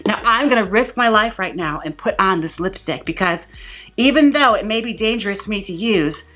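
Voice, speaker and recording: A woman's voice: mid-range voice, lively intonation, brisk, fairly bright tone. A woman hosting a comedic makeup review vlog in a playful, mock-dramatic, gushing way. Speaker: beauty vlogger.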